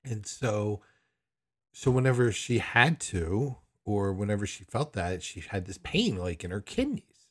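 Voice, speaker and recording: A man's voice: on the low side, sing-song, a little slow, a bit bright. A man telling a personal story in a candid, rambling way, often questioning himself. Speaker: son recounting a hospital visit.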